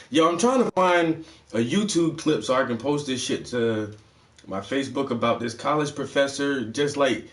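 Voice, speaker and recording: A man's voice: medium pitch, recorded from a distance. A man giving casual commentary as a vlogger, heated, slangy and full of profanity.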